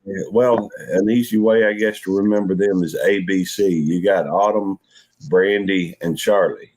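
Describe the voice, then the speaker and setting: A man's voice: low voice, fairly even intonation, normal speed, darkish tone, rough recording. A man chatting on a livestream in a friendly, rambling, teasing way. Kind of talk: casual livestream chat.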